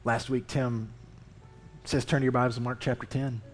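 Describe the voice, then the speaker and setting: A man's voice: medium pitch, normal speed. Male lay preacher, mid-range voice, casual and emphatic, faint music underneath. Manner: conversational, emphatic, animated Scripture reading. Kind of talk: sermon. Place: church.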